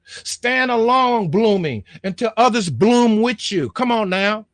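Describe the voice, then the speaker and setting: High-voiced man preaching in a dry room. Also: expressive, slow, a bit bright, no echo. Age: middle-aged. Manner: preachy, call-and-response, repeats words, coughs. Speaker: rector and online preacher. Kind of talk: motivational sermon to camera.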